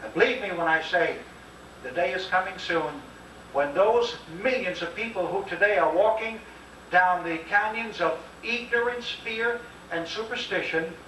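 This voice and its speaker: A man's voice: a little high, moderate pace, pushed and bright, slight background noise. A man giving an impassioned public lecture, emphatic and preacher-like, urging listeners to answer aloud. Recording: old echoey VHS tape from far off.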